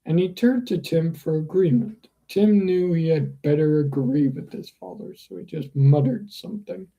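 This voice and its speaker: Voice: medium pitch, normal speed, muffled recording. A host reading a novel aloud in a casual way, breaking off for chatty asides. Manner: chatty, laughs and swears in asides. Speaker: book reader and host.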